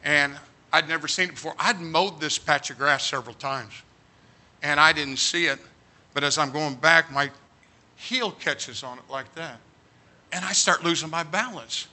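Male preacher, high sharp voice, comic animated storyteller who breaks into shouts. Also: moderate pace. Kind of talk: humorous storytelling sermon.

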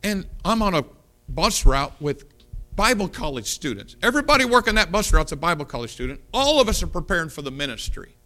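A male pastor preaching, telling a personal story with lively quoted dialogue and punchy delivery. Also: on the high side, a little fast. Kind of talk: sermon storytelling.

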